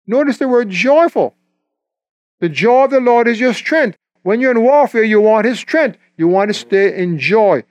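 A man delivers a sermon in an emphatic, animated way, breaking into quick character voices for the people he quotes. His voice sits high for a man. The sound is dry and close, with no room around it. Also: no room sound. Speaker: preacher.

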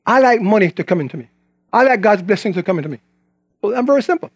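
A man's voice: high voice, expressive, quick pace, husky, dry recording. A man preaching a sermon in a conversational way, quoting scripture and asking the congregation questions.

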